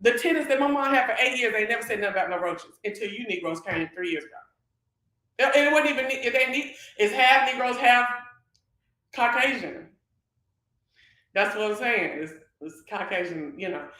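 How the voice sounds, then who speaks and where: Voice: medium pitch, moderate pace. Sassy livestream host in a very echoey room. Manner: sassy, animated, calls viewers girl and honey. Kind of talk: casual livestream gossip chat.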